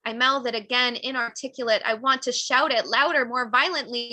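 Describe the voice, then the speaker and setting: A woman author giving a live reading of her own memoir at a cafe event, with raw, intense emotion and shifting pace and loudness. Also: fairly high pitch, steady tone, normal speed, hardly any pauses, no room sound.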